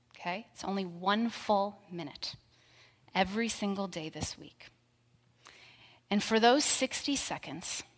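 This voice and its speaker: A woman giving a sermon, telling a story and dropping to a soft whisper for tender lines. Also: medium pitch, long reverb tail. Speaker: pastor.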